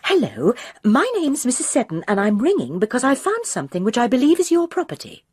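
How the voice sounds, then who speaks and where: A woman's voice: on the high side, huge pitch swings, fairly quick, a little mellow, breathy edge, no echo, studio quality, pitched above the performer's own voice, exaggerated voice. A woman voicing a prim, earnest retired lady trying to play detective. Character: prim retired woman turned amateur sleuth.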